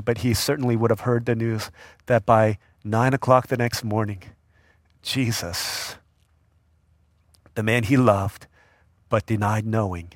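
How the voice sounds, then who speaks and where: A man's voice: fairly low pitch, no room sound, studio quality. A man preaching a casual sermon, telling the story with slang and acting out the people in it. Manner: animated storyteller acting out voices. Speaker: youth pastor.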